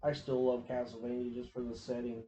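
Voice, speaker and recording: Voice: mid-range voice, monotone, brisk, mellow, echoey room, slight background noise, low-quality recording. A podcast co-host in casual chat, talking bluntly and ranting with plenty of swearing.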